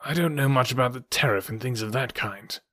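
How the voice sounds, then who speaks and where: A man's voice: mid-range voice, fairly quick, pushed and bright, no room sound, close to an everyday voice. Man reading a plainspoken impatient young heir, straight talk, dry storybook reading. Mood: blunt. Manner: blunt, forthright, plain-talking.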